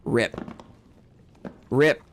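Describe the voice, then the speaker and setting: A man streaming a game live, chatting with his viewers, thinking out loud, repeating short phrases and getting jumpy and excitable during fights. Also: very slow, a little hiss or hum. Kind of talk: live gameplay commentary.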